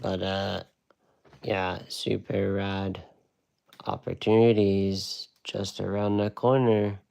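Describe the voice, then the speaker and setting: A man's voice: low voice, level tone, takes it slowly, gravelly, a little mellow, clean tone. A man teaching a casual live watercolor lesson, chatty and rambling with laid-back slang. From United States.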